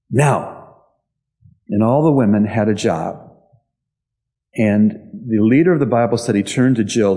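Mellow-voiced pastor telling a story. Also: male voice, lowish voice. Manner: conversational storytelling with filler pauses. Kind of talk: sermon answering congregation questions. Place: church.

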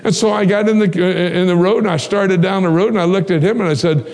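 A male preacher with a slightly high-set voice delivers a sermon. He tells stories with animation, jumping into the voices of the people in them. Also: quick pace. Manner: animated storyteller, acts out dialogue.

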